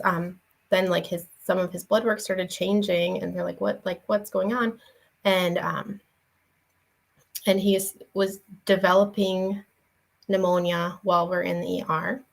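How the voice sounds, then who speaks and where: On a rough recording, a young woman's lowish, gravelly, slightly bright voice delivers a casual devotional talk. She's a faith vlogger and parent, speaking earnestly and conversationally about her own experience, full of fillers and restarts.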